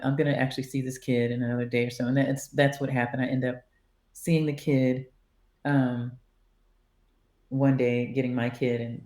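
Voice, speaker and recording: A woman's voice: a bass voice, gravelly. A woman guest on a podcast, casually telling a story and acting out the dialogue. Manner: animated, acts out quoted dialogue. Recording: roomy echo.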